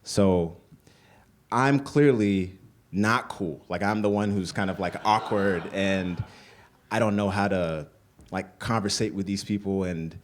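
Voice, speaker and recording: Deep-voiced man telling a story live. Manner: conversational, full of "like" fillers.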